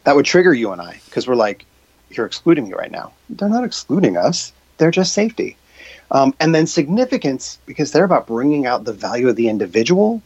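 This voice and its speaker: A man's voice: medium pitch, very animated, a little fast, a little mellow, slightly rough, no echo. A man talking as a guest in an interview, explaining his ideas with many fillers and acting out quoted reactions. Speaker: guest, purpose coach. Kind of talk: conversational interview. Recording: dull dry lo-fi sound.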